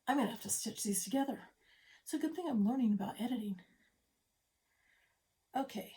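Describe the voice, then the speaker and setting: Here a stitching vlogger, a middle-aged woman, sits in her home craft room presenting her cross-stitch work in a relaxed vlog full of chatty, self-deprecating tangents. She speaks at a normal speed in a fairly high, warm voice with lively intonation, and she's slightly out of breath.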